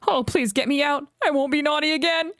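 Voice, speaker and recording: A woman voicing a cheeky young male tank engine in a storybook reading, using a high squeaky, excitable voice. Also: fairly quick, dry recording, clean studio sound. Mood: dismayed.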